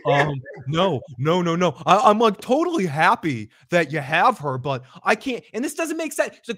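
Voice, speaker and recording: A man on an after show, talking through a scene with lively energy and voicing the characters' lines as he goes. His voice sits a bit high for a man. The sound is close and dry, with little room around it. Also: moderate pace, few pauses, no room sound. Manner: animated, acts out characters' lines, many restarts. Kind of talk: casual recap chat.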